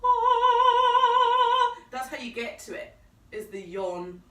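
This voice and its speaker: A woman's voice: medium pitch, normal speed, roomy sound, distant mic, poor audio. A woman with a Scottish accent teaching a one-to-one singing lesson, explaining technique and encouraging her student. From Scotland. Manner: encouraging, demonstrates notes by singing.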